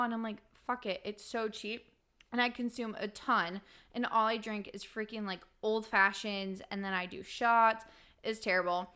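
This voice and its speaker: A woman's voice: a little high, pushed and bright. A young woman from Wisconsin, co-hosting a podcast and telling candid stories with frequent laughs. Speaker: podcast co-host. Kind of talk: casual chat.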